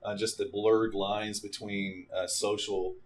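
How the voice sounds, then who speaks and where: A man speaking as a marketing director guest in a casual interview, relaxed with many fillers and restarts. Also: on the low side, slow pace. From Dallas.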